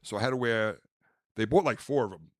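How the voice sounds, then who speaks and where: A man co-hosting a podcast, telling a long comic story in a casual, animated way and acting out voices. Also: mid-range voice, a little fast, dry recording, clean studio sound. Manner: animated, acts out quotes loudly. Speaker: podcast co-host, comedian.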